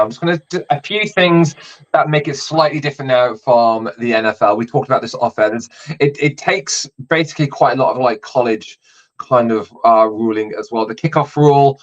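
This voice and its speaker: A man hosting a casual sports podcast, explaining rules with lots of ums and likes. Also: mid-range voice. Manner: explains rules with many fillers. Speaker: podcast host. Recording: slightly dull lo-fi audio.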